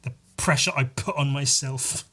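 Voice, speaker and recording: A man talks alone on his podcast in a loose, rambling way, swearing casually and poking fun at himself. His voice is husky, with a middling pitch. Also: moderate pace, sharp tone. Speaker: podcast host. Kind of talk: casual solo monologue.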